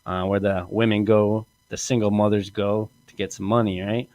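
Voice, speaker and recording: A man's voice: lowish voice, little pitch movement, moderate pace, darkish tone, dry recording. A man hosting a podcast, telling a crude comic story in a rambling way and laughing often. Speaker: podcast host.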